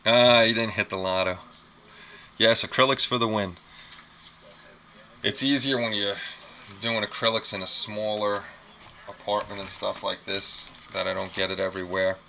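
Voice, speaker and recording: A man's voice: lowish voice, fairly even intonation, normal speed, pauses often, bright, forceful tone, low-quality recording. A man hosting a casual live unboxing stream from a small apartment, rambling, repeating himself and reacting to chat. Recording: clear background noise.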